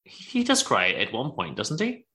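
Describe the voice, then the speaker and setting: A man co-hosting a podcast, telling a story in a sarcastic, animated way. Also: medium pitch, moderate pace. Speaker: podcast co-host. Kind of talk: casual chat reviewing a show.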